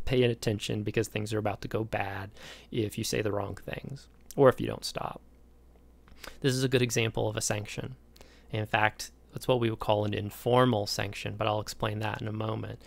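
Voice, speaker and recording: Gravelly-voiced male college lecturer. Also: medium pitch, fairly bright tone, no echo. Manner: casual, conversational and digressive, speaks directly to students. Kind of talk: recorded lecture.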